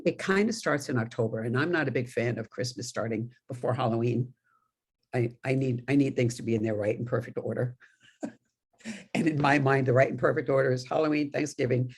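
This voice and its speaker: A woman's voice: extremely low pitch, a little mellow, husky. A middle-aged woman minister from New York giving a conversational sermon, telling stories with laughing asides. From New York, USA.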